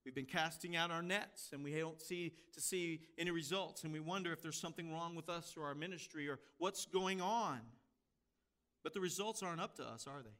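Male pastor, slightly high, bright voice, chatty sermon with rhetorical questions. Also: fairly quick. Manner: conversational preaching with rhetorical questions.

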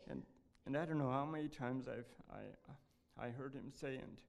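An earnest man speaks at a church gathering, pausing and restarting as he reads a devotional passage aloud. His voice sits at an ordinary pitch with a gravelly, creaky edge. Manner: earnest, halting delivery. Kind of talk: devotional talk, reading aloud.

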